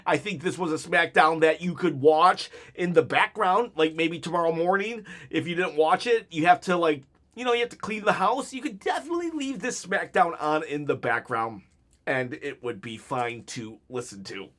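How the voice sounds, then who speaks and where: A man's voice: on the high side, moderate pace, fairly bright tone. A man giving an unscripted one-take review of a wrestling episode, rambling and joking as he goes off on tangents.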